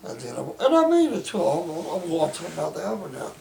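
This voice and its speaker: A man's voice: fairly high pitch, wildly swooping pitch, fast talker, gravelly, echoey room, crowd noise, poor audio. A man at home, making an emphatic complaint in formal, wordy phrasing with many stammered restarts. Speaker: interviewee describing his care. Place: home bedroom.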